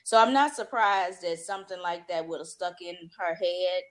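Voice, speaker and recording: A woman's voice: fairly low pitch, moderate pace, a bit bright. A woman talking casually as a guest on an interview show, telling stories in a chatty way and laughing often. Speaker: guest, social media expert.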